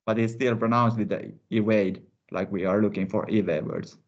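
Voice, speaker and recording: A man's voice: on the low side, fairly even intonation, moderate pace. A man co-hosting a casual language discussion, patiently explaining how words are built. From Finland. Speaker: co-host. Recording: dull lo-fi recording.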